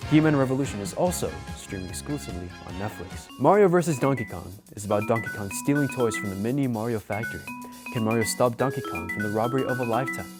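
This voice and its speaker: A man's voice: mid-range voice, lively intonation, fast talker, over music. A teenage boy presenting a scripted entertainment recap for a school news show in an upbeat announcer style. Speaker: student news reporter.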